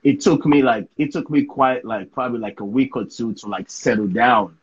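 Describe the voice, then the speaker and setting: A man from Sierra Leone tells a story as an interview guest, with a husky, slightly breathy voice at a middling pitch. He keeps it casual and animated, repeating words and tagging "right?" onto his sentences. The recording sounds somewhat dull and lo-fi. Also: moderate pace. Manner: lively anecdotal telling, frequent "right?" tag questions, repeated words. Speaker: interview guest, pro soccer player.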